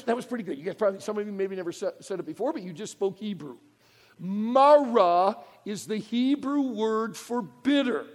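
A man preaching a sermon in a church auditorium, folksy and animated, pulling the congregation into call-and-response. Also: high-pitched, in a large hall.

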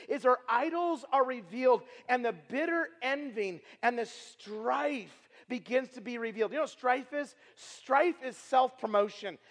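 A man preaching a sermon to camp staff, animated, repeating and restarting words and throwing questions at his listeners. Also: very high voice. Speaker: traveling preacher. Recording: long hall reverb.

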